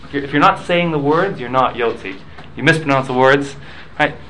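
A man's voice: medium pitch, brisk, bright, forceful tone, a little hiss or hum, rough recording. A man leading a casual study class, explaining points patiently, mixing in Hebrew and Aramaic study terms and checking in with listeners. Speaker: Talmud class teacher.

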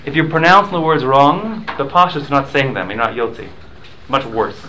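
A man at an ordinary middle pitch leads a relaxed study class. He works through a text in a conversational way, slipping in Hebrew and Aramaic study terms as he goes and checking in with his listeners. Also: moderate pace, a little hiss or hum, rough recording. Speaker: Talmud class teacher. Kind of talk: casual study-class lecture.

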